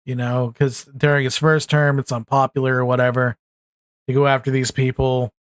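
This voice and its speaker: A man's voice: medium pitch, flat delivery, moderate pace, no room sound. A tired man giving casual, rambling political commentary, frustrated and restarting often. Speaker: commentary YouTuber. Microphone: USB desktop mic.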